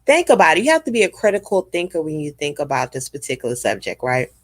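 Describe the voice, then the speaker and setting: A woman's voice: low-pitched, very animated, fast talker, dry recording. Blunt, swearing woman ranting to viewers. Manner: blunt, emphatic, swears freely, talks straight to viewers. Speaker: commentary vlogger. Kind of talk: casual rant to viewers.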